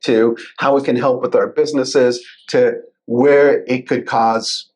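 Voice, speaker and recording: Man explaining in a measured way. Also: mid-range voice, fairly even intonation, darkish tone. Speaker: guest, cybersecurity lawyer. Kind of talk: casual interview conversation.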